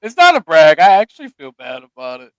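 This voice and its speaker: A man's voice: fairly high pitch, huge pitch swings, fast talker, a bit bright, dry recording, low-quality recording. A man in casual livestream chat, blunt and sheepish, laughing while he confesses.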